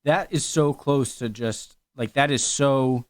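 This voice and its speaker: A man's voice: mid-range voice, slow pace, noisy background. A man from New England reacting casually to a video, musing aloud with many fillers and restarts. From New England, USA.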